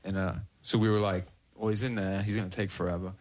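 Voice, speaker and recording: A man's voice: sits low, level tone, fast. A man on a podcast telling a long prank story in casual, constantly swearing talk, often laughing through it. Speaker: podcast host. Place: podcast studio.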